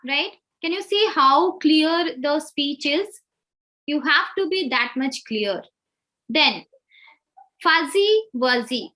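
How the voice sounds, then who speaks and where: Female trainer, high bright voice, deliberate and slow, enunciates carefully. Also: expressive. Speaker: soft skills trainer. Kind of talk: live online class on pronunciation.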